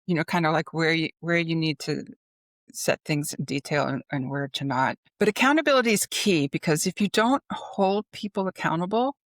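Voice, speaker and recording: A woman's voice: low voice, dry recording, studio quality. A middle-aged woman talking casually as a podcast guest, chatty and full of fillers, acting out anecdotes as she goes. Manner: chatty, filler-heavy, animated retelling of anecdotes. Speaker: podcast guest, business consultant. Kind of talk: casual interview conversation.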